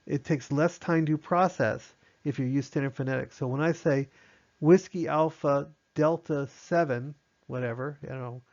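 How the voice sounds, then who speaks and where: A man's voice: mid-range voice, fairly even intonation, normal speed, hardly any pauses, a little mellow, highs cut off. A man teaching an online amateur radio class in a conversational way, acting out short radio exchanges as examples.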